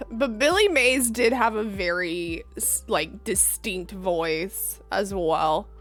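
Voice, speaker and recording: A woman's voice: mid-range voice, animated, slow pace, a bit bright, faint music behind. Giggly, bubbly woman streamer. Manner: bubbly, giggly, chats to viewers by name. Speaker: livestreamer. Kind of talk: casual live-stream chat.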